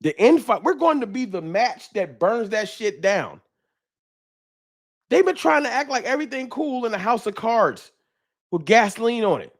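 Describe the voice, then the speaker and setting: A man hosting a fan livestream, talking trash in a preachy, animated way and reading viewer chats aloud. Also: extremely high pitch, normal speed. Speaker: sports fan show host.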